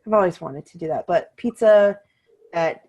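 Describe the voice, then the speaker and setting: A middle-aged woman co-hosting a podcast, chatting casually and telling animated, upbeat stories. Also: lowish voice, moderate pace. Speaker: podcast co-host. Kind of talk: casual chat.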